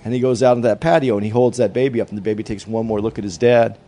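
A man who is a stand-up comedian, telling a dark joke as a story in casual, profane podcast talk. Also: on the low side, steady tone, rapid-fire.

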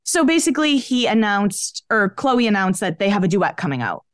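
A woman's voice: mid-range voice, very animated, moderate pace, dry recording, clean studio sound. A woman co-hosting a podcast, chatting and gossiping about pop culture in a casual, chatty way, often saying "like". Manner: chatty, gossipy, frequent "like" fillers. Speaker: podcast co-host.

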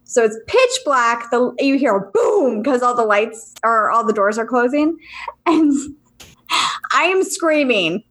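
Animated woman storyteller, slightly high voice. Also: a little slow, few pauses. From Virginia, US. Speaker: podcast co-host. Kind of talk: casual chat.

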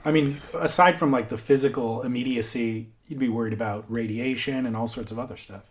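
A man co-hosting a casual podcast, reacting with quick interjections. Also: medium pitch, fairly even intonation, a crowd in the background. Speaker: podcast co-host. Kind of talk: casual chat.

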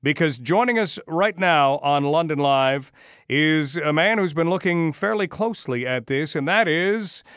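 A male radio talk host, slightly high-pitched, speaking wryly and with disbelief, firing off rhetorical questions. His voice comes through a close studio mic, dry and tight with no room around it. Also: lively intonation, a little slow, fairly bright tone, clear, resonant tone, no room sound. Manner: wry, incredulous, asks many rhetorical questions. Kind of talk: radio talk show commentary.

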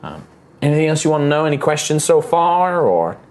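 A man running a tabletop game as game master, narrating lively and sometimes slipping into a Southern drawl. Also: a little high, brisk. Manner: lively, voices characters, slips into a Southern drawl.

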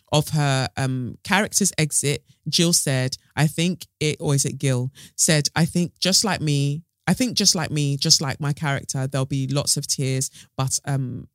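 A man's voice: on the high side, no echo, clean studio sound. A man hosting a podcast, reading news aloud and adding playful, rambling asides. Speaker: podcast host.

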